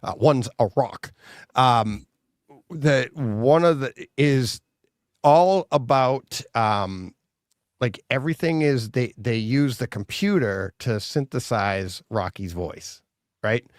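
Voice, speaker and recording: Recorded dry with a clean studio sound, a podcast co-host with a mid-range voice takes his time as he talks. The chat is casual, and he laughs a great deal while telling animated stories.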